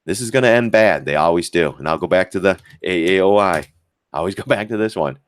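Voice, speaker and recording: A man's voice: sits low, quick pace. A man giving blunt, profane live-stream commentary on stock charts and talking to viewers as guys. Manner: lively, mocks critics in put-on voices.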